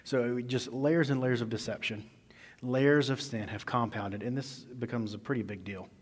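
A male pastor preaching a sermon in a conversational storytelling manner, swinging between loud emphasis and quiet asides, recorded in an echoey church hall. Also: medium pitch, fairly even intonation, normal speed, slightly rough.

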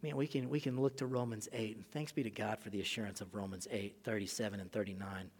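A man in his thirties preaching a sermon as pastor, conversational and animated, acting out little scenes along the way. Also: on the low side, fast, husky. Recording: long hall reverb.

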